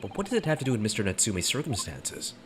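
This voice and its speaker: A man's voice: on the low side, sing-song, fast talker, fairly bright tone, a little hiss or hum. A man reading an earnest young lawyer. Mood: puzzled.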